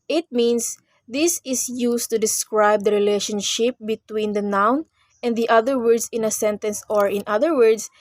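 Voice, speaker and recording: A woman's voice: fairly high pitch, darkish tone, no room sound. A young woman, presenting a class report on grammar in short read phrases. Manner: reads explanations in short phrases, with small restarts. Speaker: student presenter.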